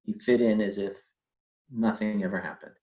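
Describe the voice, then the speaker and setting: A man's voice: on the low side, normal speed, mellow, rough recording. A middle-aged man telling a personal family story in a conversational way, with fillers and quoted speech.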